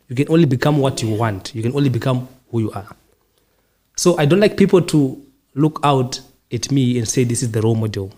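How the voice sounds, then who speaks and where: A man's voice: medium pitch, dark tone. A man hosting a podcast, answering questions in a reflective way, with short repeated statements. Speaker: podcast host. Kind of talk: casual interview answers.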